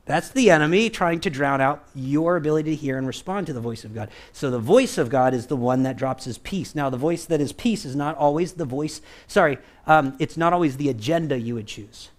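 A pastor preaching to his church in a conversational, animated way, dropping into little acted-out voices and asking "right?" again and again. His voice sits a touch higher than most men's. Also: fairly quick, hardly any pauses. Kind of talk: conversational sermon.

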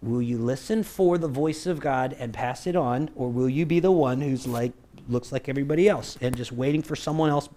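A man preaching a conversational sermon as pastor, acting out quoted voices and often checking in with "right?". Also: mid-range voice. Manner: animated, acts out quoted voices, keeps asking "right?".

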